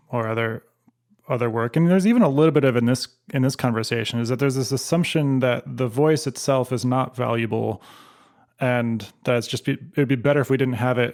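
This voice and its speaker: A man hosting a podcast, asking thoughtful questions in conversation. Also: medium pitch. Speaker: podcast host. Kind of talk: interview conversation.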